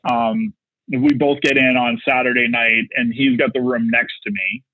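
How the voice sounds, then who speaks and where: Telling a story as a podcast guest, this marketing executive speaks at normal speed in a medium pitch with little pitch movement, sounding pushed and bright. He rambles, leaning on "like" and "you know," and the dull lo-fi recording is dry with no echo.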